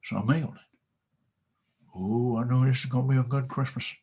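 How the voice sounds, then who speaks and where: A man giving a motivational speech, telling a story dramatically and swinging from whispers to loud bursts. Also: medium pitch, fairly even intonation, brisk, breathy edge. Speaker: motivational speaker.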